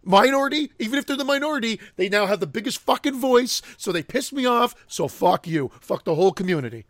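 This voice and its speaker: A man's voice: high-pitched, expressive, fast talker, fairly bright tone, dry recording, studio quality. A man in a casual podcast chat, ranting in heated, profane bursts.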